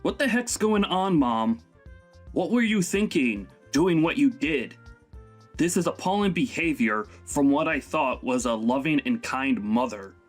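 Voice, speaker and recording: A man's voice: mid-range voice, animated, unhurried, soft background music. A man voicing a young husband who angrily scolds his own mother in a dramatized text-message story. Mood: outraged. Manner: scolding, exasperated.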